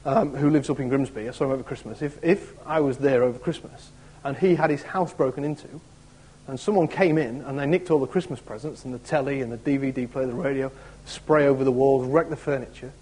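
Husky male preacher. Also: mid-range voice, a little fast, dark tone, low-quality recording. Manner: conversational, asks rhetorical questions. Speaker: assistant pastor. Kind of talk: sermon.

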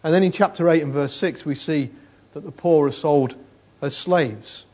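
Speaking at normal speed, a man with a higher-side voice and darkish tone preaches a conversational sermon. Repetition of phrases drives his emphasis, and "you know" comes up often. The recording is dull and lo-fi.

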